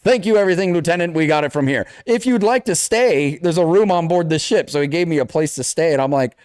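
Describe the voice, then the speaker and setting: The voice belongs to a young man, a little high, fast and smooth, recorded in studio quality with no echo. He's a podcast co-host in a casual chat, animatedly telling a video game story, playing out character lines and swearing freely.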